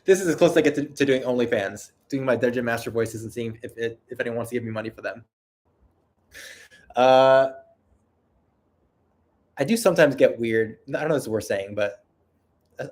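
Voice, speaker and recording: A man's voice: mid-range voice, expressive, moderate pace, pauses often, a little mellow. A man with a nasal voice hosting a casual livestream, answering viewer questions in a rambling, self-deprecating way. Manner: self-deprecating, rambling, with frequent restarts and laughter. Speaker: video creator and livestream host.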